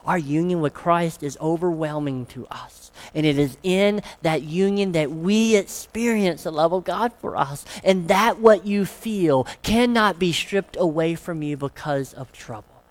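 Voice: medium pitch, a little slow. A pastor preaching a sermon, emphatic and fond of rhetorical questions.

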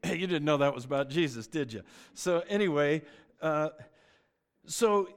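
Preaching a sermon, a middle-aged pastor speaks in a fairly high, clear, resonant voice with lively intonation and a slightly slow pace. His storytelling includes joking asides, and he keeps stammering and restarting sentences.

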